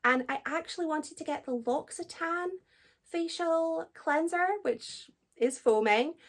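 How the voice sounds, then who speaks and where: A young Scottish woman chatting casually in a book vlog, self-deprecating and quick to laugh. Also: high voice. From Scotland. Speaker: book vlogger.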